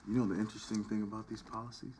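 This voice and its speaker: An actor playing a blunt detective in an action film, questioning suspects. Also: male voice, lowish voice, little pitch movement, very fast, a little mellow, a little hiss or hum, natural voice. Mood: stern. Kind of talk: film dialogue.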